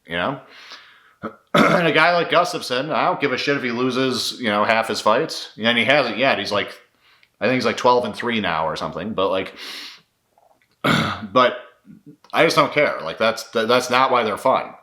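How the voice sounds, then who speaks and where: Man, casual fight-talk commentator, blunt and swearing, bright forceful voice, roomy echo. Natural, loose delivery with restarts. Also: mid-range voice, lively intonation, moderate pace, pauses often. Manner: candid, profane, rambling with restarts. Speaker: MMA commentator and former fighter.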